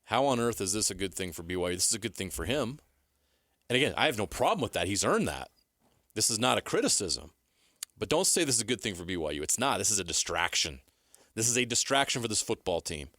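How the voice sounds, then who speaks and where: A man's voice: lowish voice, sharp tone, dry recording, clean studio sound. A man co-hosting a sports radio show, arguing his point and pressing harder as he goes. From United States. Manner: argumentative, rising and pressing as he makes his case. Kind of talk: opinionated sports talk.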